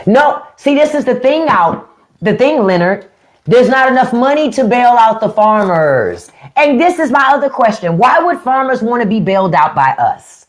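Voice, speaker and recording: Blunt, mocking livestream host with a lively voice. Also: male voice, high voice, measured pace. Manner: blunt, mocking, profane, talks back to chat comments. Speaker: podcast host on a live stream. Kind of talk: unfiltered political rant to live chat.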